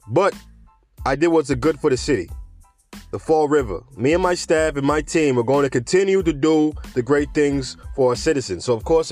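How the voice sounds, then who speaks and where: A young man hosting a podcast, talking casually about the news in a rambling, conversational way with asides. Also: medium pitch. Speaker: podcast host.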